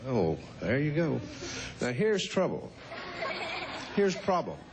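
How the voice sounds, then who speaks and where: A man's voice: mid-range voice, huge pitch swings, takes it slowly, creaky, noisy background. A man in his fifties hosting a show, chatting with children in a folksy, teasing way and chuckling often. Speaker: host. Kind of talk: casual chat with children.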